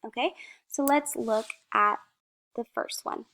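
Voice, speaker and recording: Slow, gentle-paced woman teacher. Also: fairly high pitch. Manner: drawn-out word modelling, questions then answers. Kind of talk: slow, encouraging phonics lesson for young children.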